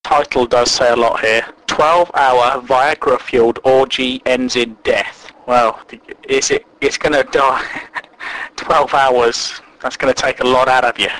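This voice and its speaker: A man's voice: medium pitch, steady tone, unhurried, slight background noise, rough recording. A man hosting a casual solo show, jokey and crude, laughing at his own remarks. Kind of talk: casual solo chat, reading aloud. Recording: music playing loud behind.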